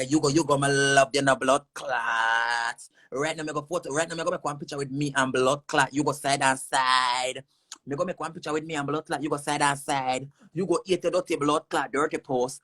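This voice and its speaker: A woman's voice: on the low side, a bit bright. A woman with a Jamaican accent on a livestream, heatedly cussing someone out in a repetitive, insulting rant. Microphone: phone on a screen-recorded livestream.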